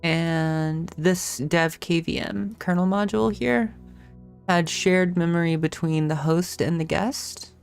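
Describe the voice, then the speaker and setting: Gravelly-voiced woman rambling on a stream. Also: lowish voice, takes it slowly, faint music behind. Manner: thinks aloud, rambling with self-corrections; swears casually. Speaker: live-stream host. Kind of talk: casual live-stream tech talk.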